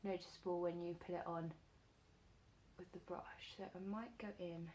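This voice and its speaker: A woman beauty vlogger chatting casually while doing her makeup, telling an animated story full of fillers. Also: on the low side, normal speed, a little hiss or hum.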